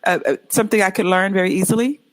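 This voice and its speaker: A woman from Los Angeles with a Californian accent, an English tutor answering interview questions in an upbeat, expressive way with clear enunciation. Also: medium pitch, rapid-fire. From Los Angeles, USA.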